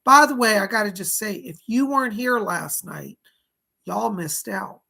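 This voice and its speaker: Man, psychic medium, hoarse, gravelly, husky, chatty and folksy, live-stream readings. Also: high-pitched, measured pace, bright, forceful tone, low-quality recording. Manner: chatty and folksy, thanking viewers by name. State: hoarse, losing his voice.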